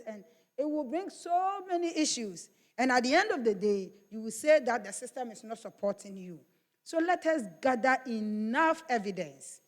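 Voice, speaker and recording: Woman, higher voice, earnest exhorting speech, long hall reverb. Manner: earnest, exhorting, repeats key phrases. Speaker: university official addressing students. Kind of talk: workshop speech. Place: large conference hall.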